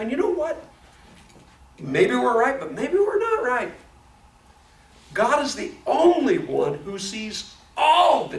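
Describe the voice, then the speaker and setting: A man teaching a Bible study in a casual, animated way, often restarting his words as he tells a story. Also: high-pitched, vocal fry. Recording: echoey room, mic at a distance, faint noise.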